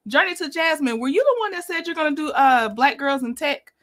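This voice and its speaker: Chatty woman host, giggly, higher voice, casual stream greetings. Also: animated, a little fast, a bit bright. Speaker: livestream host. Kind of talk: casual livestream chat.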